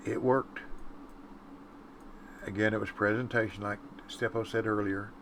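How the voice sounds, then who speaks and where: A man's voice: on the low side, slight background noise. A man casually commenting while playing a fishing game, chatting to viewers and humming to himself. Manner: laid-back, chatty, hums and sings to himself. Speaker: gaming streamer.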